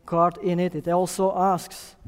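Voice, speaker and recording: An earnest man preaching a sermon in a church, with a slightly raised voice. He stresses key phrases, pushing up in pitch and force and slowing right down. The sound carries a long reverb from the hall. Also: monotone, smooth. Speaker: guest preacher.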